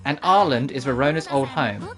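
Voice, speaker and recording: A woman voicing a calm, composed female alchemy teacher in a game, speaking in a measured, lecturing way. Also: rumbling low, music in the background.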